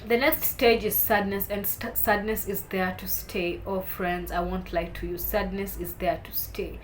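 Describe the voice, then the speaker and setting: A young woman, talking to camera in a heartfelt, halting way while holding back tears. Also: medium pitch, flat delivery, a little hiss or hum. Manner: heartfelt, halting, soft-spoken with emotional swells. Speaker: vlogger. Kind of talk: personal talk to camera.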